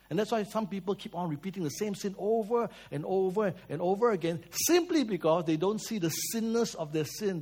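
A man preaching a sermon, telling stories and asking the audience questions, moving between loud and soft. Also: high-pitched, breathy edge. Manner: lively storytelling, swings between loud and soft.

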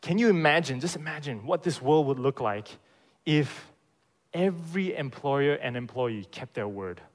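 A man preaching a sermon in a church, with a middle-pitched voice. He presses his points with rhetorical questions, punches some words loudly and then drops to a quieter tone, and keeps checking in with the room. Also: expressive, moderate pace. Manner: emphatic, with rhetorical questions and frequent "right?"; loudness swings sharply between stressed and quiet phrases. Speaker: pastor.

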